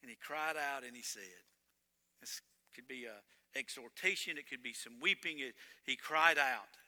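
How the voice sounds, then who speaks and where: A man preaching a sermon as pastor, swinging between loud emphatic lines and hushed ones. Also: medium pitch, normal speed, long reverb tail.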